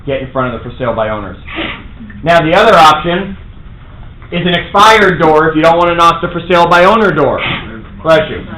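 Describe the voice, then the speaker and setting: A man's voice: fairly high pitch, animated, fairly quick, sharp tone. Brash New York man pumping up a room. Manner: brash, punchy, acts out phone calls. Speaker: real estate trainer. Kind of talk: live seminar talk to an audience. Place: large meeting room. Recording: echoey room, faint noise.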